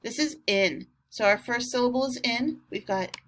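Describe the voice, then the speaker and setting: A woman teacher gives a recorded vocabulary lesson, sounding words out slowly while staying patient and encouraging with her students. Her voice is on the high side and fairly bright.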